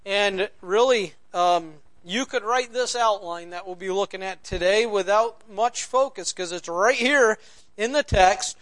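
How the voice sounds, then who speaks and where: Pastor, male, very high voice, slow deliberate sermon delivery that rises to loud stresses and drops to hushed lows. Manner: preaching with sweeping swings from loud emphasis to near-whispered lows; slow deliberate repetition of key phrases.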